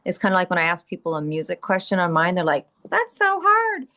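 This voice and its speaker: A woman's voice: fairly low pitch, steady tone, quick pace, fairly bright tone. A middle-aged woman guest on an interview podcast, talking candidly and emphatically, answering her own rhetorical questions.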